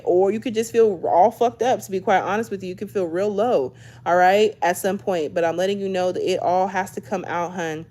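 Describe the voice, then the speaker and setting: A woman in her 20s with a mid-range, darkish voice does a casual tarot reading to camera. Chatty throughout, she often ends lines with "okay?" and calls her viewers "y'all."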